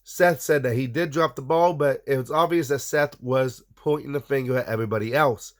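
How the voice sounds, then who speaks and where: A man with a mid-range voice, talking a little fast, hosts a casual wrestling recap, offering blunt opinions and speaking directly to his viewers.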